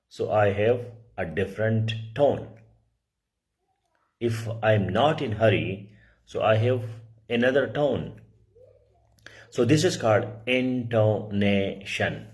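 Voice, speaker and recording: A middle-aged male teacher giving a lecture, explaining slowly, repeating key words and often clearing his throat. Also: lowish voice, darkish tone. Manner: slow, repetitive explaining with frequent throat clearing; restates key words for emphasis. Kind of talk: lecture on writing.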